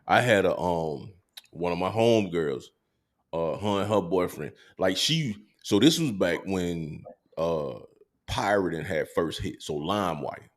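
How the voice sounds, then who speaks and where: A man hosting a podcast, telling stories in relaxed casual chat and meandering with plenty of fillers. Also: low voice, a little slow. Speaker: podcast host.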